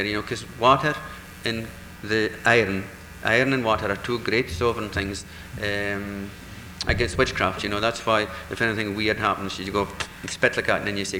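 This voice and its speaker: A man telling a traditional folk tale in a lively, animated way, acting out the voices in the dialogue. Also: on the low side, a little fast, reverberant, big-room sound, a little hiss or hum, low-quality recording. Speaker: storyteller.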